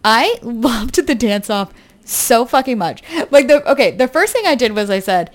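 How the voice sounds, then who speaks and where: A woman's voice: a little high, lively intonation, moderate pace. A woman co-hosting a podcast, enthusiastic and laughing as she discusses a movie in casual chat. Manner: enthusiastic, laughs often, swears. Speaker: podcast co-host.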